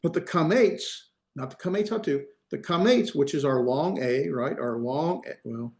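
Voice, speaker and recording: A man's voice: a little high, normal speed, creaky, a little mellow, roomy sound. A man teaching a class over a video call, explaining step by step with many fillers and restarts. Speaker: Hebrew instructor. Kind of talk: online class lecture. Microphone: computer mic on a video call.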